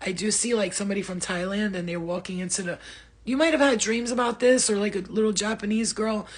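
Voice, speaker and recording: A woman's voice: medium pitch, fairly even intonation, a little fast. A woman hosting a psychic live stream from home, rambling and blunt with frequent swearing, her throat dry. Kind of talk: casual live-stream reading.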